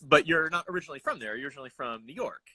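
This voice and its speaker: A man hosts a casual live video-call interview with a bright, forward voice. He asks short, easygoing questions and leaves the guest plenty of room to talk. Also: fairly high pitch, lively intonation, racing. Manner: brief, easygoing prompts with laughs. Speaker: host.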